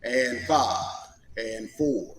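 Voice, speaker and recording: A male guest on a livestream, testing his mic in a slow, steady way. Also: medium pitch, breathy edge.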